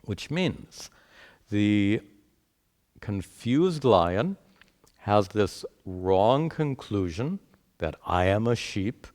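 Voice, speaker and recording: A man teaching a spiritual lecture, retelling a parable in a deliberate, explanatory way. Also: fairly low pitch, sing-song, darkish tone. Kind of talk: lecture with storytelling.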